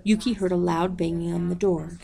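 A woman reading a story aloud at a measured pace, calling out page numbers as she goes. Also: fairly low pitch, steady tone, vocal fry, warm tone. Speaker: audiobook reader.

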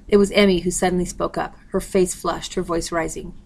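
Audiobook reader: woman, steady and unhurried, low with vocal fry. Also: a little hiss or hum, rough recording. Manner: steady, plain, reads page numbers. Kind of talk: reading a novel aloud.

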